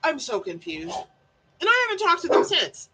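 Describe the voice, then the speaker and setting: Woman, vlogger, casual chat, high voice, swears a lot, rambling, full of "like" and "you know". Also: wildly swooping pitch, moderate pace, very noisy. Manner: candid, rambling storytelling with frequent swearing; peppers speech with "like" and "you know". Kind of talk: casual mental health chat.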